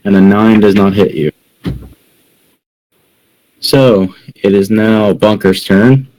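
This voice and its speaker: A man acting as game master, briskly calling rules and prompting the players. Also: fairly low pitch, darkish tone, poor audio. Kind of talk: running a tabletop game.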